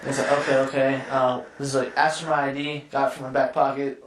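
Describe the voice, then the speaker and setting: A man's voice: medium pitch, little pitch movement, quick pace, roomy sound, far from the mic, noisy background. A man hosting a podcast, telling a story in a rambling, swearing way. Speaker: podcast host. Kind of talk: casual storytelling chat.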